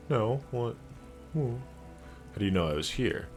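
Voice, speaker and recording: A man's voice: mid-range voice, animated, measured pace, faint music behind. A man streaming a game, reading its dialogue aloud and joking in between. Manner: wry, joking, reads lines in character.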